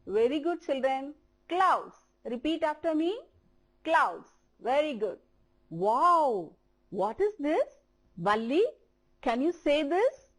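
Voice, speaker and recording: In a televised English lesson for primary pupils, a woman teacher with an Indian English accent speaks slowly and repeats words so children can copy them. Her voice is high and swings widely in pitch.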